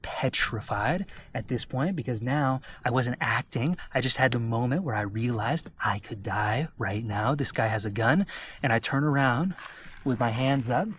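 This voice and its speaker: An American man, a travel vlogger, telling a personal story to camera in an animated way and often checking in with his listeners. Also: mid-range voice, normal speed, a little hiss or hum. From United States.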